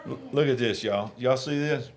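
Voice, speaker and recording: A man's voice: mid-range voice, normal speed. A man hosting a casual live election-night stream, chatting and eating while he reads viewer comments. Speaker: livestream host.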